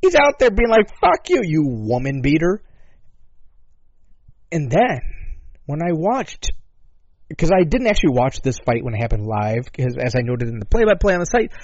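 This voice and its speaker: A man's voice: on the high side, big pitch swings, normal speed, a little mellow, no room sound. A man hosting a talk show who rambles in a sarcastic, profane way, with many asides and swearing. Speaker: podcast host. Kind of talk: casual profane commentary. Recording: dull lo-fi dry sound.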